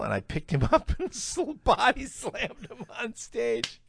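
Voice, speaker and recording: A man's voice: medium pitch, moderate pace, vocal fry, hardly any pauses, dry recording. A middle-aged man, a comedian guest, telling stories in a casual interview, acting out quotes and laughing as he talks. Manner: animated storyteller, acts out quotes, laughs mid-sentence.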